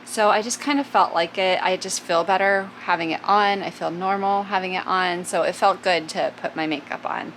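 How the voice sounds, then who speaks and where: A Florida mom chats casually to the camera for a family vlog, giggly and easygoing, at home and in a car. Her voice is fairly low and fairly bright, at a moderate pace with hardly any pauses. Background noise is noticeable.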